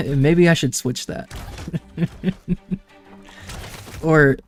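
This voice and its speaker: A man's voice: fairly high pitch, steady tone, very slow, soft background music. Chatty man streaming a game. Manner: rambling and chatty, laughs often. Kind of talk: casual chat to stream viewers.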